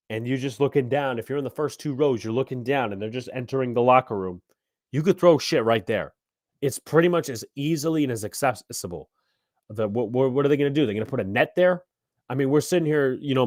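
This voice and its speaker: A man hosting a live sports podcast, ranting heatedly and profanely about his team, his voice swelling loud when angry. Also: mid-range voice, dry recording, studio quality. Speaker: podcast host.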